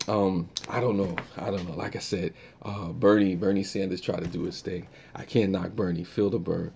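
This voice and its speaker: A man's voice: deep voice, flat delivery, normal speed, gravelly, dark tone, slightly rough. A man hosting a live stream, chatting casually and reacting to viewer comments in a laid-back way.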